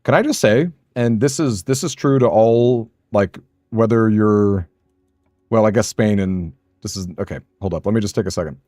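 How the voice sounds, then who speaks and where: In a clean studio sound with a dry recording, a man with a low, darkish-toned voice talks at normal speed while streaming a game. He rambles to his viewers in a self-deprecating way and laughs a lot.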